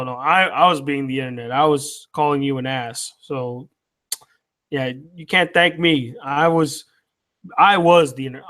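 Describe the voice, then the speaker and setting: His voice sits on the high side, with a fairly bright tone. Running a live chat on his YouTube channel, the tired man yawns, reads out viewer comments, and teases them back with loose, profane banter.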